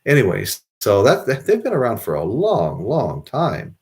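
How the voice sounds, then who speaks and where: A middle-aged American vlogger chats casually to camera in a mid-range voice that swings hugely in pitch, at a moderate pace. His talk rambles, with many restarts.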